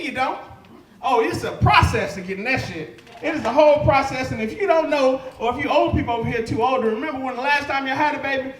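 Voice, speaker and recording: A young man performing stand-up on a comedy club stage, telling profane stories loudly and shouting his punchlines. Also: very high-pitched, a little hiss or hum. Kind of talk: live stand-up set. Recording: echoey live club room.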